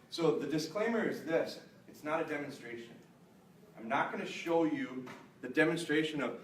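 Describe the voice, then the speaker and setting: A middle-aged man, a dog trainer, giving a live seminar to an audience in a large store hall, chatty and joking. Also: a little hiss or hum. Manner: chatty, joking, jumps to high excited praise voice. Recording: roomy echo, mic at a distance.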